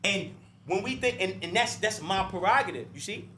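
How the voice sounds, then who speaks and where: A man's voice: high-pitched, expressive, normal speed, sharp tone, a little hiss or hum. A man talking as an interview guest in a heated podcast discussion, blunt, profane and preachy, often asking "right?" and "you see?" and restarting words when fired up.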